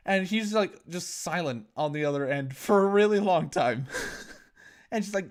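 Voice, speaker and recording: A young man with a slightly high voice tells a story in casual podcast chat. He is sarcastic and keeps breaking into laughter as he talks. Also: normal speed. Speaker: podcast host.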